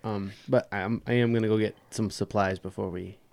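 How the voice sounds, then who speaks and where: A man's voice: on the low side, steady tone, a little fast, creaky, a little mellow. A man playing a tabletop role-playing game, talking in a playful way. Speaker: player.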